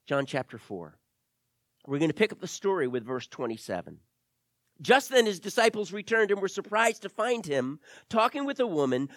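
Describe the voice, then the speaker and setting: A man pastor preaching and reading scripture aloud, hammering points home by repeating them. His pitch leaps around animatedly and sits fairly high. The recording is dry and close. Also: big pitch swings, normal speed, a bit bright, no room sound. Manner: emphatic, repeats phrases for stress.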